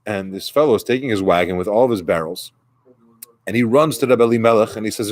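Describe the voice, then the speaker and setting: A man's voice: on the low side, quick pace. A man who is a rabbi, giving a conversational sermon and retelling a story with quoted dialogue.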